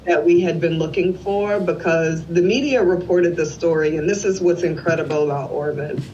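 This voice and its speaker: A woman's voice: lowish voice, moderate pace, a little hiss or hum. A woman in her forties, a guest in an interview, telling an emotional family story and acting out the dialogue of the people in it. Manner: animated storyteller who acts out quoted dialogue. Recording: slightly dull lo-fi recording.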